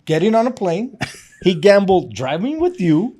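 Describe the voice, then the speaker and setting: A man's voice: high voice, sing-song, moderate pace, dark tone. A middle-aged man co-hosting a podcast, talking in a blunt, emphatic casual way and laughing often. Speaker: podcast co-host. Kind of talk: casual chat.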